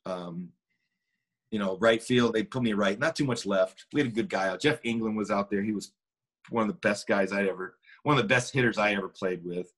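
A man's voice: lowish voice, a little fast, a bit bright, slightly rough. A middle-aged man, a former baseball player, casually telling a long anecdote with restarts and quoted dialogue. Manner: rambling, with many restarts and acted quotes.

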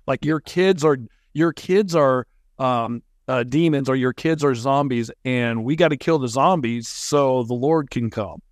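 A man's voice: mid-range voice, dry recording. A man hosting a podcast who stumbles a little as he frames his questions for the guest. His voice sits in a middle range. The recording is dry and close. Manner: halting, searching for words with many fillers. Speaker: podcast host. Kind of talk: interview questions.

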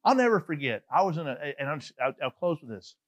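A middle-aged Southern preacher from Georgia with a notably high voice. He talks in an animated, chatty way and breaks into frequent asides. The sermon feels like a personal story told straight to the congregation. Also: quick pace. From Atlanta, Georgia. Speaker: pastor.

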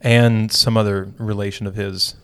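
A man co-hosting a podcast, leading a relaxed Bible study with dry jokes and frequent restarts. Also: on the low side, normal speed. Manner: relaxed, dry joking, self-correcting restarts. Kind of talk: casual chat.

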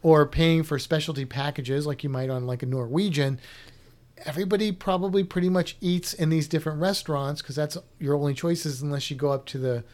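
A woman's voice: deep voice, fairly quick, darkish tone. A woman co-hosting a casual chat, rambling and playful, trailing off mid-sentence. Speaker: podcast co-host.

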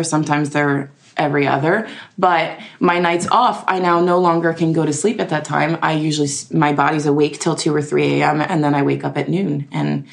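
A woman in her late twenties chatting casually and lively, swearing freely and acting out quotes. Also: deep voice, creaky, a little hiss or hum. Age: late 20s. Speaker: podcast co-host. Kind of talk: casual chat.

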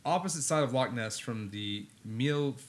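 A man's voice: medium pitch, expressive, moderate pace. A man co-hosting a casual podcast, talking in a laid-back, rambling way with plenty of fillers. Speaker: podcast co-host.

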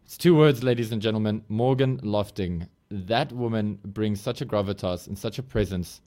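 A man's voice: fairly low pitch, normal speed, warm tone. A man co-hosting a podcast, chatting casually in an enthusiastic, rambling way. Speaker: podcast co-host. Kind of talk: casual chat.

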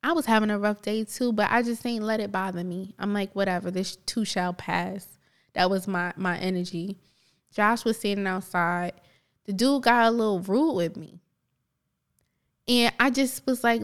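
A woman's voice: medium pitch, normal speed, clean tone. A woman from New Jersey co-hosting a podcast, telling personal stories in a casual, motivational way. She laughs often and acts out the other voices in her stories. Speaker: podcast co-host.

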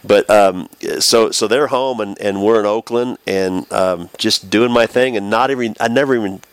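Deep voiced guy retelling his big game, dry sound, acts out quotes. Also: moderate pace, smooth, no echo. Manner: animated storyteller, acts out quotes. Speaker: former baseball pitcher, guest. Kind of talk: storytelling interview.

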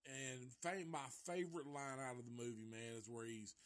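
A man's voice: mid-range voice, moderate pace. A man casually recapping a movie live, rambling and profane, and chuckling often as he goes. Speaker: movie reviewer.

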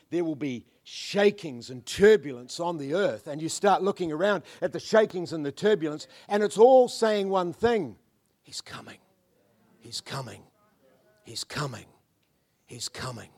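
A man preaching a sermon, swinging between loud, fervent declarations and hushed, murmured prayers. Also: fairly high pitch. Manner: mimics churchgoers in asides.

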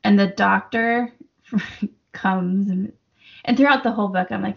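Female podcast co-host, casual and giggly, gravelly tone, dull lo-fi recording. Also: mid-range voice, steady tone, unhurried. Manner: chatty, laughs often, lots of fillers. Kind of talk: casual book discussion.

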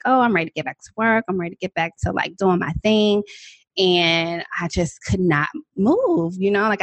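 A woman in her thirties, a podcast guest, telling a personal story in a lively, dramatic, casual way with frequent laughs. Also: fairly low pitch, no room sound. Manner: animated, self-described dramatic talker with frequent laughs.

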